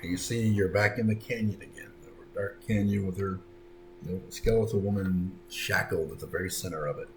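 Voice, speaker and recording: Male GM, low voice, relaxed narration, echoey room. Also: fairly quick. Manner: casual, descriptive narration. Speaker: game master. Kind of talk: narrating a tabletop game. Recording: roomy echo, faint background music.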